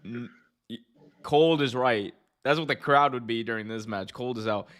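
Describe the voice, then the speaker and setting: A man's voice: medium pitch, normal speed, a bit bright. A man co-hosting a wrestling podcast, joking around in casual chat. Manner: joking, does mocking put-on voices. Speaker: podcast co-host.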